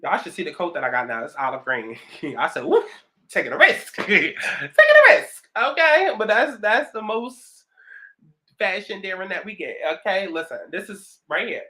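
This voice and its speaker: A woman's voice: on the low side, animated, moderate pace, a bit bright. A woman around thirty with a New York accent, chatting sassily and with lots of profanity while doing her makeup at home. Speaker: vlogger. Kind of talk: get-ready-with-me casual chat.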